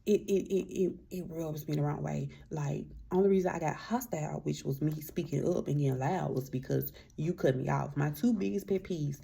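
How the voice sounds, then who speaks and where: A woman's voice: low-pitched, a little fast, creaky, warm tone, breathy edge. A woman giving a frank, self-mocking editor's-note voice-over with profanity. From Memphis, US. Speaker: vlogger adding an editor's note. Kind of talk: casual voice-over aside.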